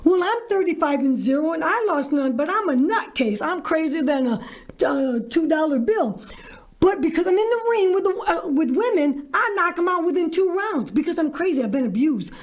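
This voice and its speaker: Brash, high-voiced woman telling a story. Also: animated, moderate pace. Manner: brash, theatrical, acts out voices. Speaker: guest, filmmaker. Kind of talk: animated storytelling.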